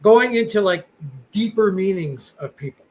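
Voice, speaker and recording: Speaking at a moderate pace, a middle-aged man with a high, expressive, slightly mellow voice co-hosts a podcast. His talk is loose and rambling, self-deprecating and stuffed with fillers, captured in low-quality audio.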